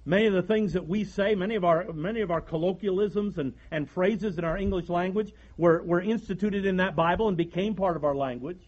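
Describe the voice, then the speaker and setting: A man's voice: high-pitched, a little fast, few pauses, darkish tone, muffled recording. A man, preaching a folksy sermon from the pulpit and often restarting his sentences. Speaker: pastor.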